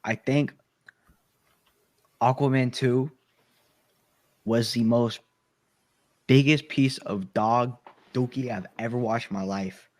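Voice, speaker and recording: A man's voice: mid-range voice, steady tone, takes it slowly, long pauses. A man chatting casually on a podcast call from home, rambling, laughing often and stumbling over his words. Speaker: podcast guest. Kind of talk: casual chat. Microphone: home computer mic with soundboard.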